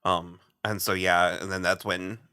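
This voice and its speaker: A man's voice: low voice, measured pace, clear, resonant tone. A man co-hosting a podcast, recapping a TV show in casual chat and laughing along. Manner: animated, laughing, storytelling. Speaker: podcast co-host.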